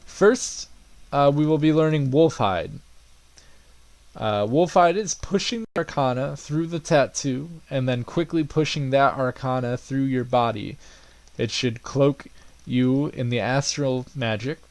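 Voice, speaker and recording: A man doing a calm knight drill instructor. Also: medium pitch, measured pace, no echo, natural voice. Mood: instructive. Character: stern adult male knight drill instructor.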